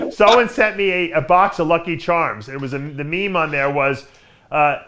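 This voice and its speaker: Bright-voiced, teasing male podcast host. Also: on the high side, normal speed. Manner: laughing, teasing, steering the talk. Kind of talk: casual chat.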